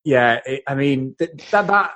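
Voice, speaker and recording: A man's voice: mid-range voice, lively intonation, moderate pace, bright, forceful tone. A man co-hosting a podcast, casually sharing film trivia and swearing now and then. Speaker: podcast co-host.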